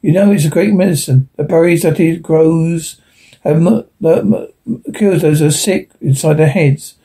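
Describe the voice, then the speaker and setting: A man's voice: on the high side, unhurried, dark tone, slightly rough. A man reading the part of a blunt, hard-driving male planter on a frontier world, speaking in a stern, commanding way.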